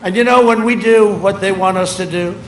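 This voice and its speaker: An older man giving a rambling, boastful and mocking campaign speech to a rally crowd, often shouting his points. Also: high voice, brisk. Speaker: politician addressing a rally. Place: large outdoor rally. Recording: echoing PA sound over a loud crowd. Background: crowd ambience.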